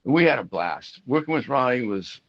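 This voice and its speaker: A man's voice: medium pitch, a little fast. A middle-aged man talking in a casual interview about his career as a rock guitarist. He rambles through stories with many restarts and fillers, and acts out the people he quotes. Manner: animated, acts out quoted voices. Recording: dull lo-fi audio.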